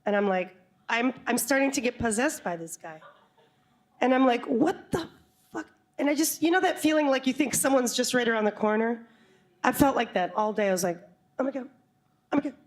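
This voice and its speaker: Animated woman telling a story on stage. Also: on the high side, brisk. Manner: animated, laughing, comic asides. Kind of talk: live storytelling before an audience. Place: stage before a live audience.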